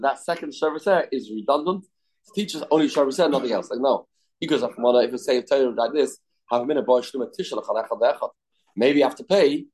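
A man works through a Talmud page in an even, mid-pitched voice. He reads the text and then translates it, often stopping and starting over. The delivery is a plain study-hall lesson. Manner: reads and translates text, quick, halting restarts. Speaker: Talmud teacher.

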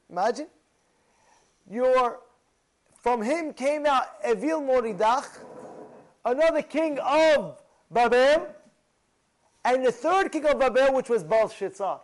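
Rabbi, male, very high voice; animated, emphatic preacher who keeps asking his congregation questions, non-native English phrasing. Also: slow pace, long pauses, poor audio. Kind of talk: sermon to a congregation.

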